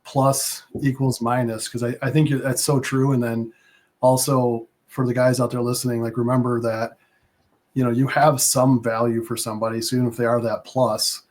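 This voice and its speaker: A man's voice: mid-range voice, flat delivery, moderate pace, a little mellow. A man hosting a podcast in casual chat, telling stories and often restarting his sentences. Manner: chatty, storytelling, stammering restarts. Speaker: podcast host.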